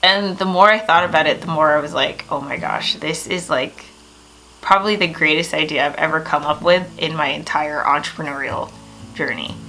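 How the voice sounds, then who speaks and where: A young woman talking straight to camera in a casual vlog, gushing and excitable, with lots of "like" and "oh my gosh.". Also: low voice, fairly quick, poor audio. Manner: excitable, gushing, many filler words. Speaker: vlogger.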